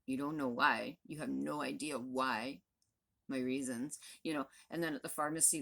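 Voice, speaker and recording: A woman's voice: extremely low pitch, steady tone, normal speed, creaky, a bit bright. A woman in her fifties, a vlogger, venting to the camera in a blunt, profane, exasperated rant. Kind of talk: angry direct-to-camera rant.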